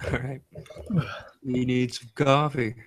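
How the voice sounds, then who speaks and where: A man's voice: medium pitch, little pitch movement, slow pace, slight background noise. A man co-hosting a casual podcast, making dry jokes and giving brief replies. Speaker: podcast co-host.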